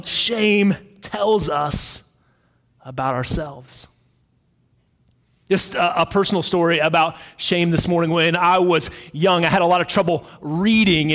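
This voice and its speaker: A man pastor preaching a sermon in a relaxed, storytelling way with frequent fillers. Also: high voice, big-room sound.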